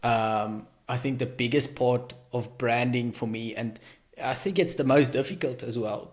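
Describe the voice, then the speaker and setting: A man with a South African accent hosting a podcast, talking in a rambling, self-deprecating way with many restarts. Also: mid-range voice. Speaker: podcast host. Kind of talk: casual podcast conversation.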